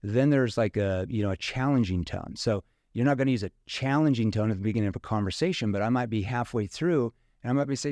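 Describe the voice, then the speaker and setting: A man's voice: mid-range voice, fast, few pauses, darkish tone, no room sound, studio quality. A man from rural Missouri, a sales trainer talking casually in an interview and acting out questions in different tones.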